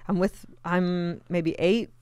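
Brief: woman podcast co-host, animated storyteller, lowish smooth voice, dry sound. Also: slow, dry recording. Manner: animated storyteller, acts out quotes, laughs often. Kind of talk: casual chat, storytelling.

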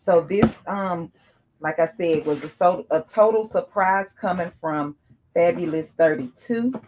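A woman chatting casually to her viewers as she unboxes gifts, calling them y'all and breaking into excited exclamations. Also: lowish voice, measured pace, background noise.

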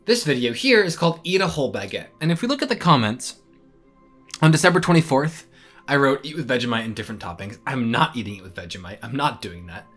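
A man's voice: mid-range voice, very animated, quick pace, fairly bright tone, soft background music. A young man and student rambling casually to camera in a vlog, self-deprecating and chatty. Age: young adult. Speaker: vlogger.

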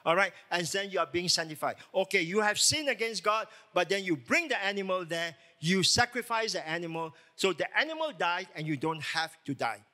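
A male pastor delivers a sermon in a high, bright voice that cuts through clearly. He leans hard on key words and keeps asking his listeners rhetorical questions. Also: expressive, brisk, hardly any pauses. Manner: emphatic preaching with rhetorical questions. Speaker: lead pastor.

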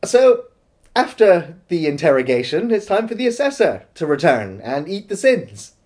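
Lively man recapping a film. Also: fairly high pitch. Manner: measured, recapping the plot and defending points. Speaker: film review co-host. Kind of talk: casual film review chat.

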